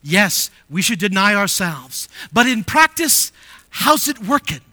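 High, bright-voiced male preacher. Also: very animated, measured pace, dry recording. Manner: rising to emphatic declarations, then dropping to quiet asides; asks the congregation rhetorical questions. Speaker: pastor. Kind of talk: sermon.

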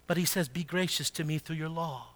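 A man preaching a sermon, asking the congregation rhetorical questions and swinging between hushed, slow passages and loud, emphatic ones. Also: a little high. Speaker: pastor.

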